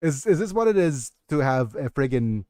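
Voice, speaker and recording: A man's voice: medium pitch, sing-song, normal speed, mellow, no echo, clean studio sound. A man with a Nigerian accent reading his own fantasy novel aloud on a livestream, often stopping to comment on it. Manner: breaks off to comment and laugh at himself. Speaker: streamer and author.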